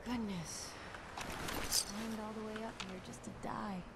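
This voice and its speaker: A woman's voice: medium pitch, fairly even intonation, a little slow, lightly acted. An actress voicing a wry young woman companion in a video game, speaking in dry, quippy remarks. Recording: game audio under loud noise.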